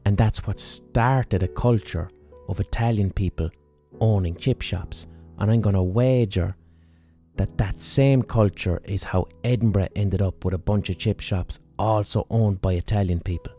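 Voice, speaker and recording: A man's voice: on the low side, measured pace, warm tone, faint music behind. A man hosting a podcast, telling a history story in a casual, profane, jokey way and acting out the people he quotes. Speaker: podcast host.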